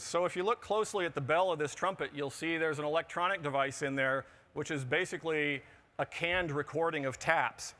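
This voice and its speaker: Bright-voiced man giving a wry talk. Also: a little high. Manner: wry, joking delivery with asides. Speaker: conference speaker. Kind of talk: humorous conference talk. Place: conference pavilion on a show floor.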